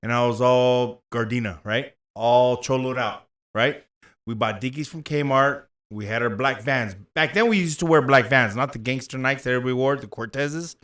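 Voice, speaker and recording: A man's voice: medium pitch, moderate pace, a bit bright. A man, telling a story in casual chat, acting out the voices and swearing freely. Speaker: co-host.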